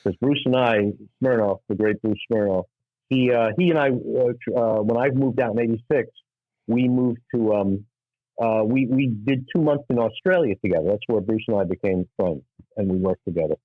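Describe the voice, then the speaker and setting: A middle-aged man from New York, a stand-up comic telling anecdotes in an animated way and acting out the people in them. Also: lowish voice, no room sound, narrow, tinny audio. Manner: acts out voices in anecdotes, quick asides. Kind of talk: animated storytelling.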